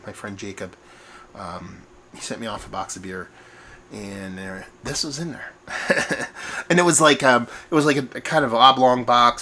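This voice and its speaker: His voice sits fairly low, with a little hiss or hum audible. The man is a beer reviewer hosting his own vlog from home, and he comes across as chatty, animated and rambling, often mocking himself.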